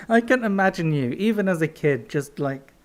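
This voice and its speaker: Teasing, playful man with a higher voice. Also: animated, normal speed. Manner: teasing and playful, laughs often. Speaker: podcast co-host. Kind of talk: casual podcast banter.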